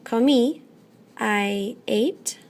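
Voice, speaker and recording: A woman teaching a classroom lesson, patient and methodical, often pausing to check in. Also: on the high side, a little mellow. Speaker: Spanish teacher.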